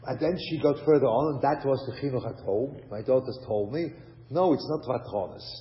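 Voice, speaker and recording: A man's voice: mid-range voice, a little fast. Older guy giving a talk on raising kids, keeps going "yeah?", dull sound, echoing hall. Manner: conversational, rhetorical questions, mixes Hebrew and Yiddish terms. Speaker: rabbi and lecturer. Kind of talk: lecture on child education.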